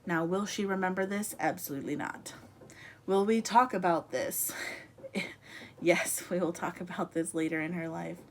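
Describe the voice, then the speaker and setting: Young woman rambling in her room, kinda low voice, bit out of breath, laughs a lot. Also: moderate pace, slight background noise. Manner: rambling, chatty, laughs often. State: a little out of breath. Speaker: vlogger. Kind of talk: casual chat to camera.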